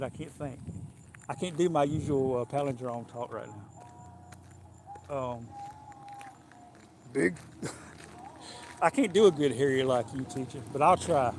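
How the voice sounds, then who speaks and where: A man chats loosely to his live viewers while walking outside in the sun. He rambles from one thought to the next, chuckling often. His voice sits at an ordinary middle pitch. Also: a little hiss or hum. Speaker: live-stream host. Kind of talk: casual live-stream chat while walking. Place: outdoors in the sun.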